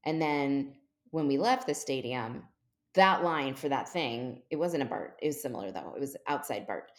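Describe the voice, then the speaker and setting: A woman's voice: very deep voice, normal speed. A woman in her forties, a podcast guest, telling a long funny story in casual chat and jumping into quoted voices. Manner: animated, jumps into quoted voices.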